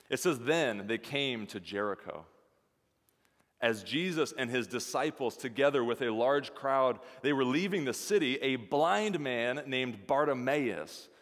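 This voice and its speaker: A man preaching a sermon as pastor, lively, acting out the voices of the people in his story. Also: mid-range voice. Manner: animated, acts out voices of the disciples and Jesus. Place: church sanctuary. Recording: church hall reverb.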